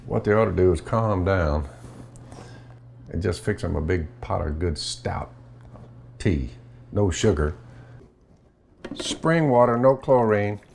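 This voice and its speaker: A man's voice: fairly low pitch, vocal fry, slight background noise. An older man, hosting his own show and giving folksy, plainspoken homespun preaching. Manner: drawling, plainspoken, acts out imagined dialogue. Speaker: show host.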